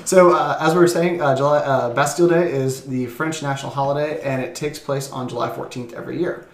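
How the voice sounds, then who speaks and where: A man's voice: mid-range voice, steady tone, a little fast. A man co-hosting a beer podcast in loose, chatty talk, often laughing as he speaks. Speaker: podcast co-host. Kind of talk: casual podcast chat. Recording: roomy echo.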